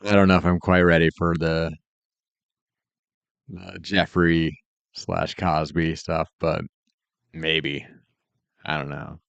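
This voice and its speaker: A man's voice: very deep voice, flat delivery, takes it slowly, gravelly, pauses often, a bit bright, smooth, dry recording, muffled recording. A man streaming while he works, chatting casually in a laid-back, meandering way and chuckling often. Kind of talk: casual rambling chat while working.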